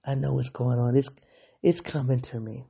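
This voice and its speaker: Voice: mid-range voice, level tone, normal speed, gravelly, dark tone, slightly rough. A podcast host speaking candidly in a reflective solo diary episode, thinking aloud and analyzing their own feelings.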